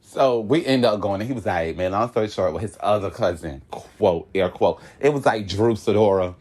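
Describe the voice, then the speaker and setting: Direction: a lively young man from Florida, telling a story. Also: moderate pace. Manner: animated, laughing often, with loud high-pitched outbursts; casual slang-heavy talk. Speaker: podcast guest telling a story. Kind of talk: casual storytelling chat.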